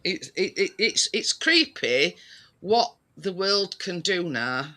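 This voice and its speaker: A man's voice: high voice, animated, slow, bright, forceful tone. A British man in casual chat as a co-host, rambling with lots of restarts and fillers. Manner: rambling, many restarts and fillers, laughs easily.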